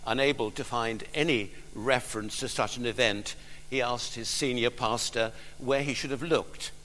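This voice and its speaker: A man preaching a sermon and leading prayer, speaking deliberately with pauses. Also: mid-range voice, fairly even intonation, fairly bright tone. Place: church. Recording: long church reverb.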